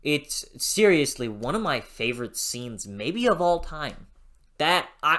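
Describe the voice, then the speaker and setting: A young adult book reviewer speaks in a casual vlog at an unhurried pace. The voice has a bright, tense edge. The talk rambles and gushes, with fits of loud swearing. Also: mid-range voice, sing-song. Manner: gushing and rambling, bursting into loud swearing rants.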